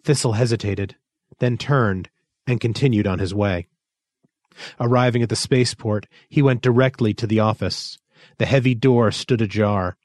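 A man reading a story aloud as narrator, in expressive, measured storytelling. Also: fairly low pitch, no echo. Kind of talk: scripted audiobook narration.

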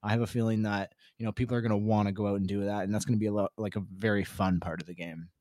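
A man co-hosting a casual gaming chat, talking in a relaxed, rambling way full of fillers. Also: lowish voice, very fast, no echo, clean studio sound. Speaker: podcast co-host.

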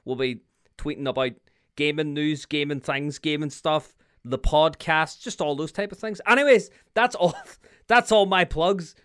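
A man co-hosting a casual podcast, talking excitably with sudden loud bursts and frequent laughter. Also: on the high side, measured pace, smooth. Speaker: podcast co-host.

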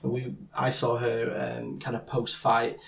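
Gravelly guy cohosting a fight podcast, loose rambly chat, lots of ums. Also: mid-range voice, completely flat delivery, unhurried, a little hiss or hum. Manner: rambling, many restarts and fillers. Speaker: podcast co-host. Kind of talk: casual MMA chat.

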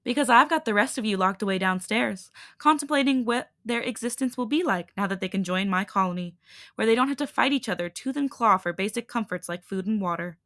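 A woman reading a tired but firm young male hybrid leader in a calm, steady voice. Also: medium pitch, brisk, no room sound, studio quality, close to an everyday voice.

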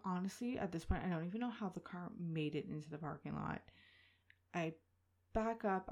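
She's a podcast host in her thirties with a lowish voice, telling a personal story in an animated, chatty way packed with filler words.

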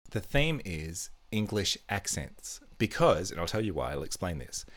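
Very low-voiced playful male podcast host. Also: sing-song, moderate pace, a bit bright. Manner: playful, chatty, teasing quizmaster. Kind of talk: casual chat, reading a quiz.

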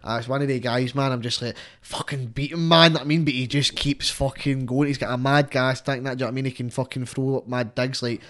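A man's voice: mid-range voice, steady tone, a bit bright. A man with a Scottish accent in casual podcast chat, swearing constantly and packing his talk with fillers. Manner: rapid, sweary, full of fillers. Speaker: podcast host.

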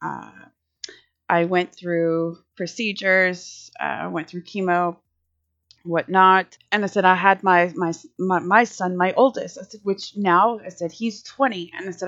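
A woman's voice: mid-range voice, steady tone, a little slow, fairly bright tone. A woman in her forties hosting a podcast, telling a personal story in a rambling, conversational way with many restarts. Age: 40s. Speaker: podcast host. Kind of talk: casual storytelling monologue. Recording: slightly muffled lo-fi audio with faint music.

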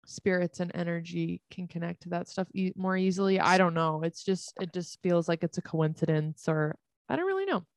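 A young woman with a slightly low voice reads a story on a podcast, then wanders into thoughtful, rambling musings that poke fun at herself. The sound is close and dry. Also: lively intonation, normal speed, no room sound. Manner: thoughtful, rambling, self-deprecating. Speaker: podcast co-host. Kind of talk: casual chat, reading a listener story.

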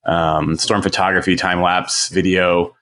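A man's voice: sits low, level tone, measured pace, sharp tone. A man who is a guest on a podcast, talking easily about his work with a lot of hesitant fillers. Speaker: podcast guest, storm photographer. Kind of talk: casual interview chat.

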